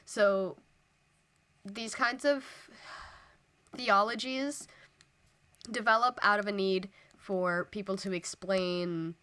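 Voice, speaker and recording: A woman's voice: mid-range voice, steady tone, slow, pauses often, bright, forceful tone, clear, resonant tone. A woman co-hosting a tabletop gaming podcast, chatting casually and eagerly about building a fantasy setting, with plenty of fillers. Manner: enthusiastic, self-described nerdy, many fillers. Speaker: podcast co-host. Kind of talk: casual worldbuilding chat.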